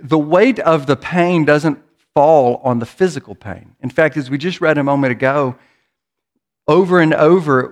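A male pastor preaching to his congregation in a church. His voice sits a little high for a man, and he speaks earnestly, repeating words as he builds each thought. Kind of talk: sermon.

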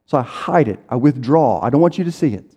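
A man's voice: mid-range voice, lively intonation, a little fast, warm tone, breathy edge, muffled recording. A man preaching a sermon in a conversational way, acting out people's inner voices as he goes. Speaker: pastor. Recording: reverberant hall.

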